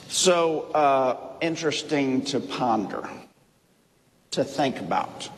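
A man teaching from the Bible in a sermon, speaking deliberately, repeating key phrases and checking in with "okay?". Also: mid-range voice, expressive. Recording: long reverb of a hall.

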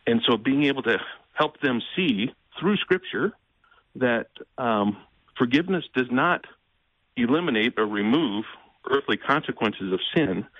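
A man speaking as a guest in an interview, earnest and measured, often pausing with fillers and restarting. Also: medium pitch, dry recording, narrow, tinny audio. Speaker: ministry president, guest. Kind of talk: conversational interview.

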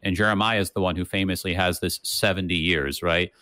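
Low-voiced man musing through scripture. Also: steady tone, fairly quick, pushed and bright, no room sound, clean studio sound. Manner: thinks aloud with many restarts and "right?" tags. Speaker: co-host of a Bible study podcast. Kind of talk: casual Bible discussion.

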